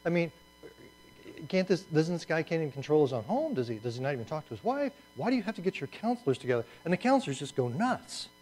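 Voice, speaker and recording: Male Bible teacher. Chatty, fairly high voice, loads of rhetorical questions. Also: sing-song, fast, a little mellow, poor audio. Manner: conversational, asks rhetorical questions, adds asides.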